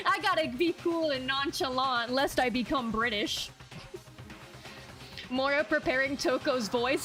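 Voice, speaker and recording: A woman's voice: high voice, animated, measured pace, music in the background. A woman giving casual, playful gameplay commentary, laughing often and swearing casually. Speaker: let's play streamer.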